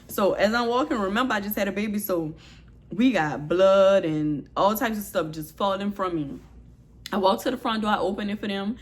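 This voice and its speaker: In this storytime vlog, a newcomer from New Orleans in the USA shares her story with a candid, expressive retelling packed with "like." Her voice is medium in pitch and she keeps a moderate pace.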